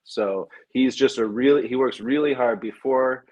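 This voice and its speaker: A man's voice: mid-range voice, moderate pace, darkish tone. A man hosting a casual film podcast, talking enthusiastically and restarting his sentences as he goes. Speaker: podcast host.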